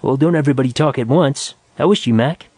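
A man's voice: mid-range voice, fast talker, mellow, dry recording, voice pushed up, close to an everyday voice. A man voicing a cheerful, teasing male astronaut in a science fiction audiobook, in a raised, bouncy voice.

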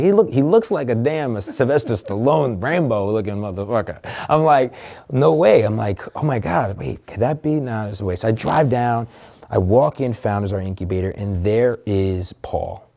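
A man's voice: fairly low pitch, creaky, warm tone. A man telling a candid personal story as an interview guest, earnest and emotional, swearing casually.

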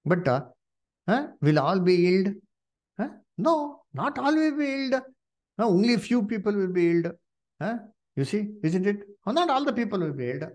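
Animated preacher with a lively voice. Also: male voice, sits high, moderate pace. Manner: animated, many "you see" and "uh" fillers; addresses listeners as "dear brethren". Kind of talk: Bible study sermon.

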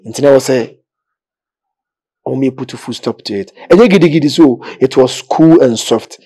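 A man's voice: medium pitch, moderate pace, mellow, slightly rough. A man with a Ghanaian accent, speaking animatedly in a casual interview, often pleading and switching into English. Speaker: gospel music manager interviewee. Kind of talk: casual radio-style interview in Twi and English.

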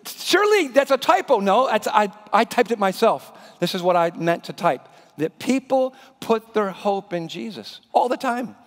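Animated male pastor preaching in a hall. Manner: animated, drops to a hushed low voice for emphasis. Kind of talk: sermon. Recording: reverberant church hall.

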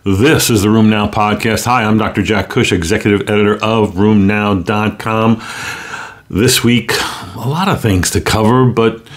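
A man's voice: fairly low pitch, steady tone, moderate pace. A man with a New York accent hosting a casual medical news podcast, chatting with jokes and many ums and uhs. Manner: chatty, joking asides, frequent ums and uhs. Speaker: podcast host, rheumatologist.

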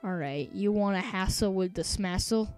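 A woman's voice: medium pitch, normal speed, a little mellow, soft background music. A young woman hosting a gaming video in casual, goofy commentary, her voice worn by a sore throat and a stuffy nose. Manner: playful, goofy trash talk.

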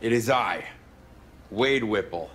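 A man's voice: on the low side, lively intonation, slow, a crowd in the background. An awkward, earnest guy. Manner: stiff, overblown formal lines. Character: awkward, earnest grown man acting tough.

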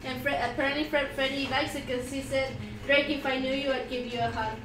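A woman's voice: high voice, fairly even intonation, a little fast, distant mic. A woman co-hosting a casual livestream, giggling as she reads viewer comments aloud. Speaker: livestream co-host reading chat. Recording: echoey room with music behind. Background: background music.

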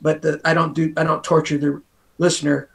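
A man's voice: fairly high pitch, flat delivery, fairly quick, creaky, a bit bright. An American man, a guest author, talking casually in an interview in a rambling way, full of asides. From United States.

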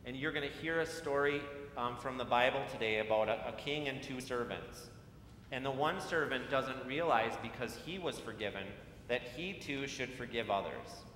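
A man's voice: normal speed, a bit bright. A man leading a children's message at a church service, talking in a friendly way and asking the children questions. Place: church sanctuary. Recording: echoey church hall, faint rumble.

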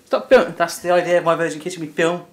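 A man's voice: a little high, fairly even intonation, racing, fairly bright tone. A young man hosting a cooking video in a home kitchen, chatty and teasing as he talks through the steps. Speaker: cooking show host. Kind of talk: casual cooking chat.

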